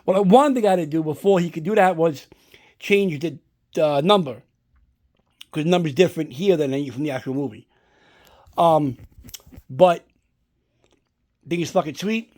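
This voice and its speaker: A man's voice: a little high, moderate pace, pauses often, darkish tone. Rambling, foul-mouthed man telling a story. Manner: rambling storyteller, swears a lot, "blah, blah, blah". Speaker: collector showing a movie prop. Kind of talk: casual unboxing vlog. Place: indoors at home.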